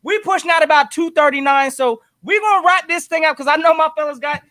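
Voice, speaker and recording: High, bright-voiced call-in show host. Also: male voice, fast talker, no echo. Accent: Philadelphia. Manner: laid-back, slangy, calls guests bro and fellas. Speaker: co-host running the call-in lines. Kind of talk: casual call-in show hosting.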